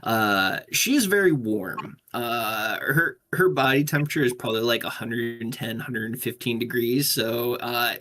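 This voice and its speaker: A man's voice: medium pitch, slight background noise. Man narrating as dungeon master. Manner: relaxed storytelling full of fillers like "uh" and "kind of". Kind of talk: narrating a tabletop game.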